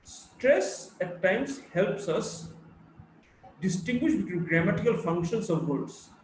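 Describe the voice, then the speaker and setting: High-pitched guy teaching phonetics real slow, far off the mic in a big echoey room. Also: lively intonation, slight background noise. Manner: slow, deliberate drilling of word lists. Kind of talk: live phonetics class.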